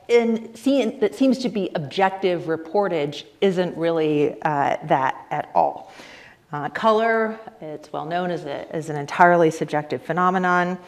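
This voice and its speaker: A woman giving a conference lecture, explaining ideas in a lively, conversational way with frequent fillers and asides to the audience. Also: on the low side. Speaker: conference speaker.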